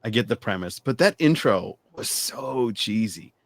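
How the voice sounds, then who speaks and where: A man's voice: lowish voice, expressive, measured pace, no room sound. A man co-hosting a podcast, chatting casually and laughing easily. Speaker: podcast co-host. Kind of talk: casual chat.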